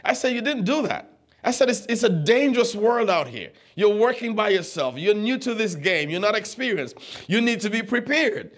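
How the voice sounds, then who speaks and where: Casting note: man with a high voice, a pastor teaching from the pulpit in a loose storytelling way that stumbles over words. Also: animated, moderate pace, few pauses, fairly bright tone. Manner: conversational, stammers and repeats words, quizzes the congregation. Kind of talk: teaching sermon with stories.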